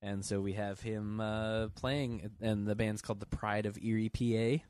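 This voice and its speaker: A man's voice: on the low side, little pitch movement, normal speed, a little mellow, clear, resonant tone, no room sound. A man, a musician guest on a podcast, chatting casually with a lot of hesitation and restarting. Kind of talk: casual interview chat.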